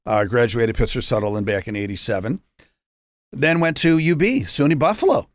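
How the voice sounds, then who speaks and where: A man's voice: medium pitch, lively intonation, moderate pace, no room sound. A man in his fifties from Rochester, New York, a guest telling his story in a chatty, joking way with many asides. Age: 50s. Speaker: guest, entrepreneur. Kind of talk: casual storytelling.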